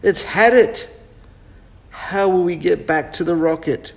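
A man reading a storybook aloud, voicing an anxious young boy in a raised, excited tone. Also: moderate pace. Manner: high excited boyish voice.

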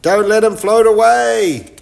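Man voicing a young boy, anxious, high-pitched, storybook reading. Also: normal speed, a little hiss or hum. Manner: high excited boyish voice.

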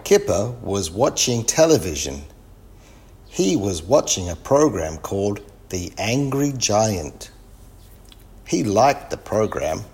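A man reading a children's story aloud with lively expression. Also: lowish voice, slow pace. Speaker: narrator.

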